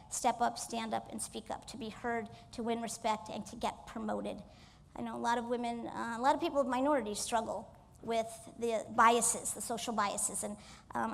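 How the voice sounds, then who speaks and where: Woman motivational speaker, high voice, energetic keynote in a reverberant hall. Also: gravelly. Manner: energetic, coaxes the audience to join in. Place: stage in a large hall.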